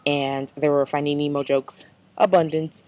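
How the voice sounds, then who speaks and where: Young adult female, American accent, low-pitched, talky casual vlogger who fills every pause. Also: level tone, a little mellow, a little hiss or hum. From United States. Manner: chatty, rambling, many fillers. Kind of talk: casual vlog.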